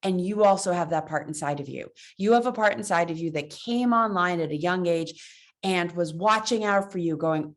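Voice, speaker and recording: A middle-aged woman, a love coach, hosting a casual talk to camera in a playful, animated way. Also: lowish voice, normal speed. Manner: playful and animated, acts out voices with puppets. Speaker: love coach and show host.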